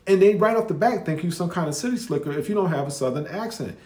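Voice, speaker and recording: A man's voice: on the high side, expressive, fast talker, a little mellow, roomy sound. A man with a Northeastern US accent reacting to a video, talking candidly and conversationally, often restarting and repeating himself. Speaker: commentary video host. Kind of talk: reaction commentary.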